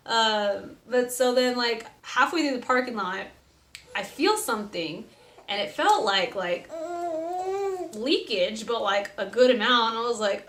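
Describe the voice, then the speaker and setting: A woman's voice: on the high side, moderate pace, a bit bright. A young woman casually telling a personal story, chatty and full of "like", acting out what people said. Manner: chatty, lots of "like", acts out quotes. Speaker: vlogger telling her birth story. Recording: echoey room with faint noise.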